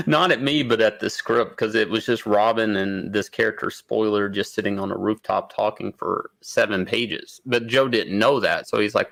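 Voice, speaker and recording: A man's voice: on the low side, moderate pace, gravelly, no echo, low-quality recording. A man, a comic artist, telling anecdotes in a casual panel chat and acting out what others said. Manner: storytelling, quotes others in lively voices.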